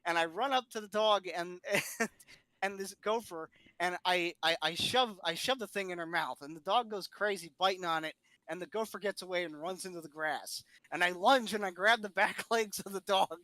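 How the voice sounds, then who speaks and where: A man on a podcast, telling a funny story in a lively way and laughing often. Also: high voice, normal speed, no room sound. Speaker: podcast co-host. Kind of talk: casual storytelling chat.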